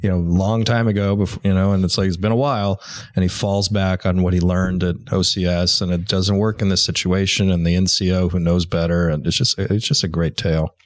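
A man's voice: low-pitched, level tone, fairly quick, dry recording. A man chatting on a podcast as a guest, earnest and reflective. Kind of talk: casual chat.

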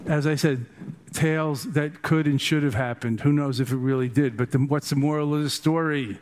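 A man's voice: a little high, steady tone, moderate pace, a little mellow, slight background noise. An older man giving a humorous, digressive meditation talk, telling stories to his listeners. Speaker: meditation teacher. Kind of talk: storytelling dharma talk.

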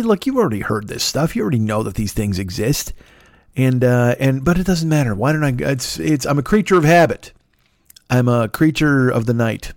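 A man's voice: on the high side, a little mellow, no room sound. Solo podcast host, man in his 50s, profane and self-deprecating, dry close sound. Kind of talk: rambling solo podcast monologue.

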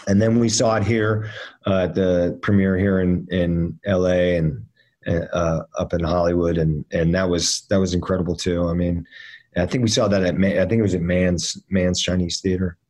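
Low-voiced man telling stories haltingly. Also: level tone, a little mellow. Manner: halting, many fillers and restarts. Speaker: actor guest. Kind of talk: casual interview storytelling.

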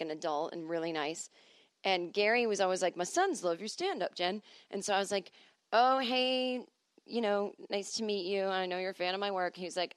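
A woman's voice: mid-range voice, no echo. A woman hosting a podcast alone, telling wry, rambling stories in a chatty way, full of asides and quoted voices. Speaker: podcast host. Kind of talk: casual solo podcast monologue. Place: at home.

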